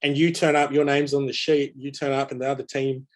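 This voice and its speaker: A man moderates a panel discussion over a video call mic. He sounds conversational and mid-pitched, and he often restarts his sentences. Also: little pitch movement, a little fast. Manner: conversational, many fillers and restarts. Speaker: webinar moderator.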